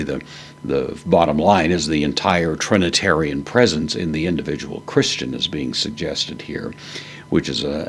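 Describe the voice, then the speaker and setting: A man giving a verse-by-verse Bible lesson, speaking in a measured, halting way with frequent pauses to find his words. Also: rumbling low, fairly bright tone, slight background noise. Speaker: Bible teacher.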